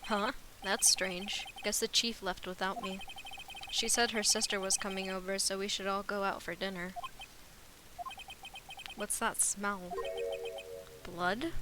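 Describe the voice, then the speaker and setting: A woman's voice: mid-range voice, flat delivery, a little slow, pauses often, heavy background noise, close to an everyday voice. A woman reading a nervous young male lawyer. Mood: uneasy. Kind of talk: reading video game dialogue aloud.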